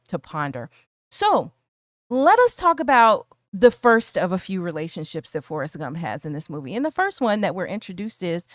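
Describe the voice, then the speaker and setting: A woman's voice: medium pitch, no echo, clean studio sound. A woman co-hosting a casual film discussion stream, posing prepared questions to her co-host and the chat with plenty of fillers like "you know.". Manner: chatty, poses prepared questions with many fillers.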